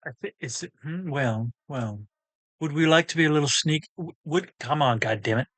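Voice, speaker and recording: A man's voice: a little high, normal speed, fairly bright tone, dry recording. A man playing a tabletop game, rambling and correcting himself, swearing casually as he looks up rules. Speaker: player.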